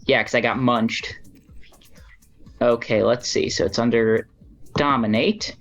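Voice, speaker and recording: A player speaking casually during a tabletop game, chatting about rolls with quick asides. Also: mid-range voice, steady tone, highs cut off, soft background music.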